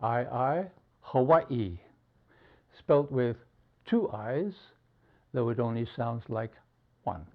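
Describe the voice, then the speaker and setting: A man slowly teaching English spelling, pausing between each word he gives as an example. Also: mid-range voice, animated. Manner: slow, deliberate, pausing between words. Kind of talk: slow spelling lesson. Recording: dull lo-fi recording.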